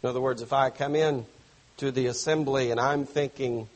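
A man preaching a sermon to his church, stressing phrases slowly and dropping suddenly soft. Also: mid-range voice, steady tone. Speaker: pastor.

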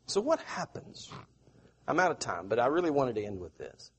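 A man's voice: medium pitch, very animated, husky. A middle-aged man from the American South, preaching a sermon and asking his listeners questions. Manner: slow, repetitive, asks the audience questions.

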